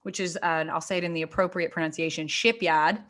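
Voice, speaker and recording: Lower-voiced laughing woman co-host. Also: very fast. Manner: animated storyteller, laughs often, says "like" a lot. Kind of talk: casual chat.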